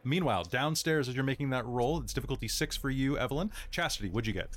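A man running a tabletop game as storyteller, narrating with many halting fillers. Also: medium pitch, animated.

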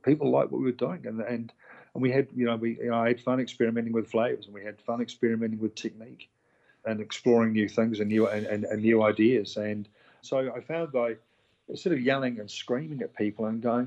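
Middle-aged chef telling candid stories. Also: male voice, mid-range voice, brisk, vocal fry, highs cut off. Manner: candid, animated storyteller, acts out quoted voices, swears. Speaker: chef and restaurant owner, guest. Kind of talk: casual conversational interview.

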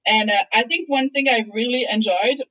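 A woman's voice: a little high, normal speed, a bit bright, no room sound, muffled recording. A woman whose first language is French, chatting as a guest and telling stories with frequent laughter. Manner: chatty storyteller, laughs often. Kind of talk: casual conversation.

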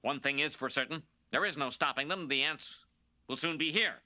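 A man's voice: fairly high pitch, normal speed, pushed and bright, no echo. An actor playing a smarmy, self-serving middle-aged male TV news anchor in a cartoon broadcast, with a dramatic announcer delivery. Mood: grave, fawning.

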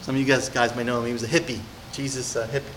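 A male pastor preaching a sermon in a conversational way, swinging from hushed personal storytelling to emphatic, rising exhortation. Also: mid-range voice, flat delivery, racing, a little hiss or hum.

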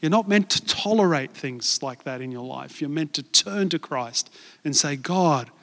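Male pastor, sermon, earnest, conversational, repeats words, high voice, hall reverb. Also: animated, normal speed, vocal fry, fairly bright tone. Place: church.

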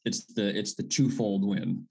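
A man's voice: fairly low pitch, steady tone, a little slow, gravelly, warm tone, breathy edge. A man who is a pastor, talking casually in a conversation and rambling with many restarts.

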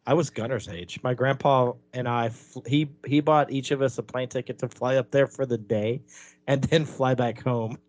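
A man's voice: medium pitch, steady tone, normal speed, darkish tone, no room sound. Easygoing joking podcast host, man. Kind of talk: casual podcast chat.

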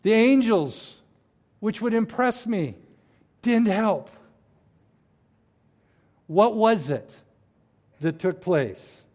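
A man preaching a sermon as a pastor, swinging between loud stressed phrases and hushed, quiet drops. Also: sits high, sing-song, takes it slowly.

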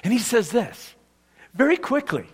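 Lively, animated male preacher. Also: very high-pitched, unhurried, breathy edge. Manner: lively storyteller acting out quotes. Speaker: pastor. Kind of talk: sermon storytelling.

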